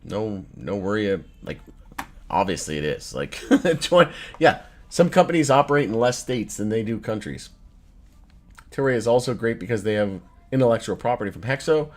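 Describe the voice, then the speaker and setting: A man's voice: lowish voice, animated, normal speed. A man in his thirties hosting a casual live stream, reading chat aloud in a loose, profane way and laughing often. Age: 30s. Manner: loose, profane, laughs often, swings between joking and irritated. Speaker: livestream host reading chat.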